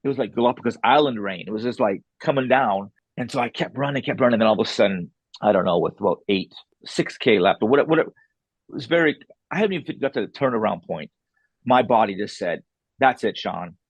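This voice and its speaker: A man's voice: medium pitch, fast, breathy edge, no room sound, dull audio. A man talking as an author and podcast guest, telling a story casually, acting out what people said, with blunt, salty wording. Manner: animated, re-enacts dialogue, blunt and salty.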